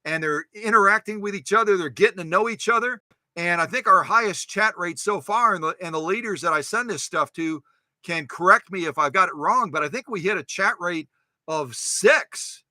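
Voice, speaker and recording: In a high voice at normal speed, this man hosts a sewing machine live stream with no echo audible. He chats casually, animated and exclaiming, and jokes around with his viewers.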